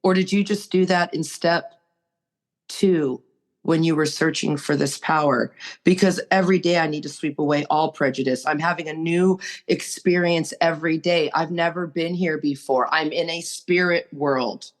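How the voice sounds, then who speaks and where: A woman's voice: sits low, fairly even intonation, moderate pace. Earnest woman exhorting recovery listeners. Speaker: recovery group member. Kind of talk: recovery podcast sharing.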